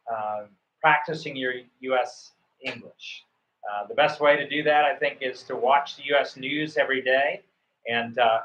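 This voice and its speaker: A man's voice: mid-range voice, a bit bright. A man coaching students for a visa interview, rambling with many fillers and restarts. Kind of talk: coaching on a call. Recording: echoey, muffled room sound.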